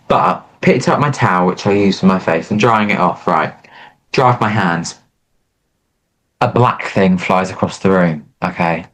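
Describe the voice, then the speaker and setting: A young man co-hosting a podcast, telling stories in a playful, self-mocking way. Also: fairly low pitch. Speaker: podcast co-host. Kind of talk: casual chat.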